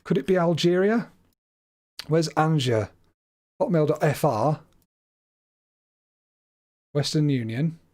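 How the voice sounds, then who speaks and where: A man's voice: a little high, lively intonation, slow pace, long pauses, darkish tone. A man hosting a live stream, commentating a game as he thinks aloud in a chatty, hesitant way that often stumbles over his words. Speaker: livestream host.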